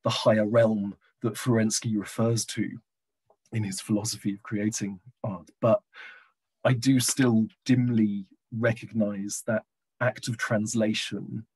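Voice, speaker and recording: A middle-aged man giving a reflective lecture over a video call, pausing with hesitant fillers and slowing down when he reads passages aloud. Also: on the low side, level tone, darkish tone, husky, poor audio. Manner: reflective, hesitant, slows down for readings. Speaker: guest lecturer and poet. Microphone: computer mic on a video call.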